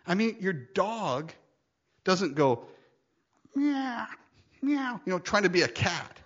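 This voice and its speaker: Male pastor, expressive teaching voice that jumps high and drops low, slightly muffled lo-fi sound. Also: a little slow, husky. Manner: animated, laughing often, acting out quotes. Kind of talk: sermon.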